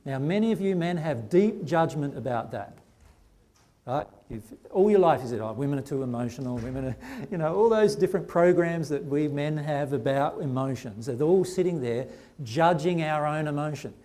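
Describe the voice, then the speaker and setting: Man, higher pitch, mellow tone, earnest seminar teacher who keeps asking "right?". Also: animated, normal speed. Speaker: spiritual teacher. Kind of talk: seminar talk to a live audience.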